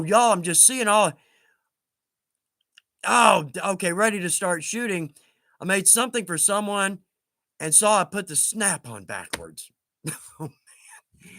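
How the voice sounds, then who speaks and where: A man chats casually on a livestream, reading viewer comments in a high, bright voice. He is self-deprecating and laughs often. The sound is dry and close. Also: no room sound.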